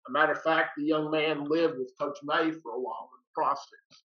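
A man's voice: on the high side, fairly even intonation, fairly quick. An older man, a retired teacher, telling a story in a folksy, plain-spoken way and acting out both sides of each exchange. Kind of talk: casual storytelling. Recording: dull lo-fi recording.

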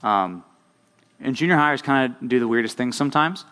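A man's voice: mid-range voice, lively intonation, normal speed, bright, forceful tone, clear, resonant tone. A young man preaching to a youth group in a chatty way, checking in with his listeners by asking "right?" over and over. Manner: conversational, keeps asking "right?". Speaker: youth pastor. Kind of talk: sermon.

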